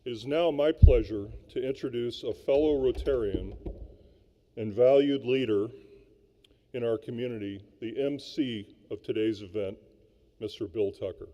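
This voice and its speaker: A man co-chairing a symposium, reading a formal, measured welcome and introducing speakers at a luncheon. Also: medium pitch, mellow. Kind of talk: formal scripted welcome speech. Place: large hall at a luncheon. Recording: echoey hall, dull lo-fi sound.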